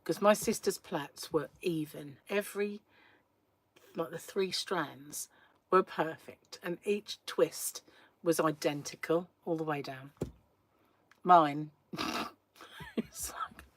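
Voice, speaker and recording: Chatty woman, low voice. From England. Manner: chatty storyteller who laughs often. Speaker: crochet livestream host. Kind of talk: casual live-stream chat.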